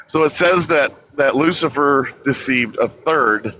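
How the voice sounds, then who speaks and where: A man debating as a guest, halting and thinking aloud with frequent restarts. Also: medium pitch, sharp tone, dull audio, slight background noise. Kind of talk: casual debate chat.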